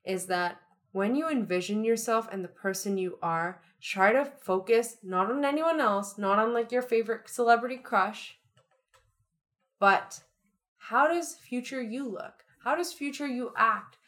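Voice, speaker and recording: A woman's voice: on the high side, measured pace, a bit bright. Chatty upbeat young woman. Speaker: podcast co-host. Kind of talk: casual chat.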